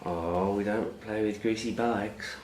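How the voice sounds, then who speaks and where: A man's voice: lowish voice, fairly even intonation, a little slow. A father filming his toddler at home and coaxing him along in a sing-song baby-talk voice. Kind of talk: home video chat with a toddler. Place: family home, indoors. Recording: echoey room with loud vacuum hum.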